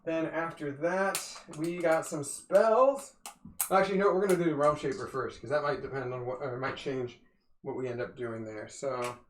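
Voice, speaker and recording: A man's voice: on the high side, moderate pace, roomy sound, a little hiss or hum. A man casually narrating his moves in a tabletop wargame, thinking aloud and talking to viewers as "you guys". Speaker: wargame player and streamer. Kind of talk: casual play-by-play of a tabletop game.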